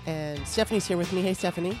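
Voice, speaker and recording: A woman's voice: on the low side, fast, over music. A woman hosting a casual political talk show, chatty and laughing often, with many fillers. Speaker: podcast host.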